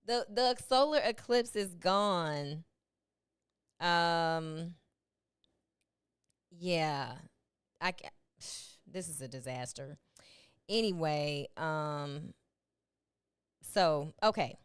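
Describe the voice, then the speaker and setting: A woman's voice: fairly low pitch, slow pace, long pauses, smooth, no echo, studio quality. A middle-aged woman hosting a casual live podcast from home, chatting and laughing with her listeners as "y'all", speaking into a webcam. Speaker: podcast host. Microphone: webcam and earpiece.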